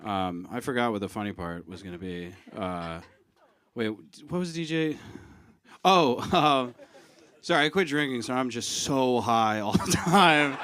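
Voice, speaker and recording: A man's voice: medium pitch, expressive, measured pace, a bit bright. Rambling man hosting a comedy show. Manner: rambling, self-deprecating, full of fillers. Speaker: show host. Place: live comedy show on stage.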